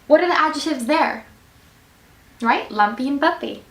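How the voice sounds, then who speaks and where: Woman teacher, high encouraging voice, quizzing kids, recorded from afar in an echoey room. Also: expressive, normal speed, recorded from a distance. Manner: bright, encouraging teacher voice with a singsong lilt. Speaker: student teacher reading a picture book. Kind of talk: reading aloud and quizzing children on grammar.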